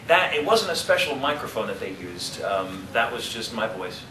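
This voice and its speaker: A man in his thirties, a voice actor answering fan questions at a convention panel, talking in an animated, joking way and wandering off into tangents. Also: fairly low pitch, normal speed, a loud crowd. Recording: roomy, distant, noisy audience recording.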